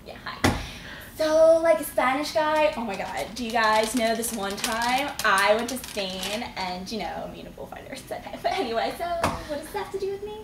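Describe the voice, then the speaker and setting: A woman acting a self-absorbed audience member who rambles loudly with lots of fillers. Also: fairly high pitch, lively intonation, moderate pace. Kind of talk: acted rambling classroom question. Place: classroom. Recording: echoey classroom from a distance, noisy.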